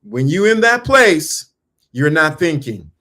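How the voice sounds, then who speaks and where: Man, motivational talk, preacher-like, repeats himself for emphasis, slangy, a bit high-pitched. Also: very animated, takes it slowly, bright, forceful tone. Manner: emphatic, repeats lines, asks the listener questions; casual slang, calls listeners brother. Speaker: speaker on mindset and dating.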